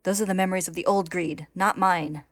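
A woman's voice: fairly low pitch, steady tone, a little fast, no room sound, natural voice. A woman voicing a cocky, cold male homunculus who talks coolly and snarls when pushed. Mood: tormented, snarling.

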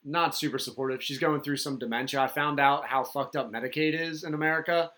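A man's voice: fairly high pitch, steady tone, fairly quick, sharp tone. Male podcast host, casual chat, frank and reflective, curses freely.

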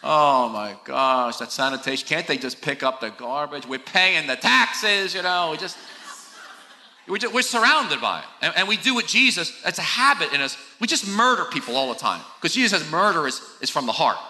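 A man's voice: fairly high pitch, pushed and bright. An older man and pastor preaching a conversational, confessional sermon, often saying "you know" and poking fun at himself. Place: large church hall. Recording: echoey church hall.

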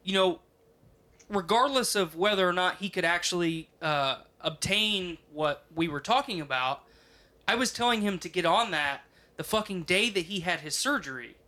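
A man's voice: sits high, lively intonation, normal speed, pushed and bright. A man in casual chat, rambling and swearing, full of "like" and "you know".

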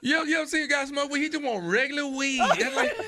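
A man's voice: extremely high pitch, fairly even intonation, quick pace, very noisy. A male comedian co-host ranting in disbelief, laughing through his complaints. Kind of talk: comedic rant.

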